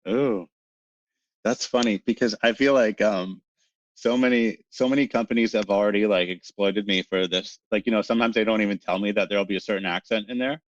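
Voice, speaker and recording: A man from Canada, a narrator guest in an interview, talking in an animated, excitable way and laughing often. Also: fairly low pitch, brisk, no echo, highs cut off. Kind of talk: casual interview chat.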